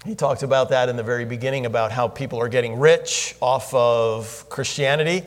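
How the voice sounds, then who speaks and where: A man preaching a sermon in a conversational teaching manner, asking the congregation questions and rising in pitch when he gets excited. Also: brisk. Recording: long reverb of a large hall.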